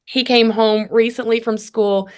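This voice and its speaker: A woman's voice: on the high side, measured pace. A woman in her thirties, a guest on a parenting podcast, earnestly telling family stories and acting out the dialogue. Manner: earnest, animated storyteller who acts out dialogue. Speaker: guest, family communication coach. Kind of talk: conversational interview.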